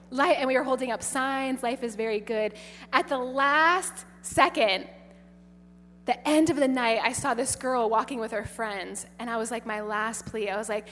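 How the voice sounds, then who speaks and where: Animated nun with a New York accent. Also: female voice, on the high side, a little slow. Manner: animated storytelling, repeating key phrases. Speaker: nun giving a talk. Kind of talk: faith talk to high schoolers. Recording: echoey hall with faint hum.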